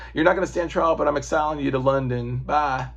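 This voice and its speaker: A man's voice: fairly high pitch, fairly quick, gravelly, muffled recording. A man putting on the voice of a smug male president, speaking flippantly.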